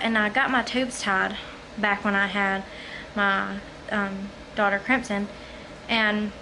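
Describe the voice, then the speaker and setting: A breathless woman talks casually to her camera at home, wandering from point to point and filling pauses with ums and likes. Her voice sits at an ordinary middle pitch, and a steady hum of room noise comes through behind her. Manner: chatty, rambling, many ums and likes. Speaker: home vlogger. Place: at home, living room or kitchen.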